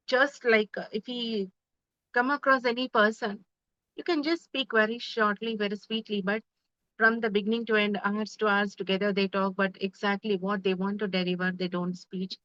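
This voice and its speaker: A woman's voice: mid-range voice, steady tone, unhurried, a bit bright, dry recording. Woman meditation teacher; earnest spiritual talk, rhetorical questions; dry, muffled recording. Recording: dull, dry sound.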